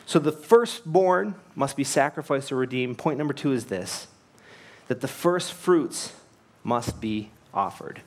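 A man's voice: mid-range voice, lively intonation, unhurried. A man preaching a sermon, earnest and emphatic, asking rhetorical questions and telling anecdotes. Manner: tells anecdotes with light laughs. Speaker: pastor.

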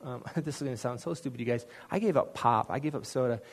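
Man, personal testimony, sermon, earnest, conversational, self-deprecating, middle pitch. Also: fast. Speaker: church speaker sharing a testimony.

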